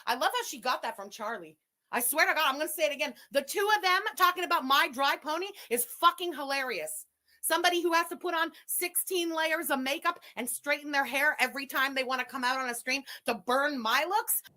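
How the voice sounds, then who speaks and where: Woman, angry profane rant, high and bright. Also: brisk. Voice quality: profane, cutting insults. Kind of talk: angry ranting clip.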